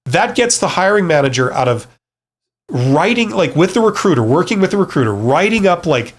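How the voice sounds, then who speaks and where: Chatty middle-aged man, slightly high voice. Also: sing-song, fairly quick. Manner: conversational, frequent fillers and restarts, reassuring; blunt, joking asides. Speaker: livestream host, former CEO. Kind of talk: live Q&A, casual advice.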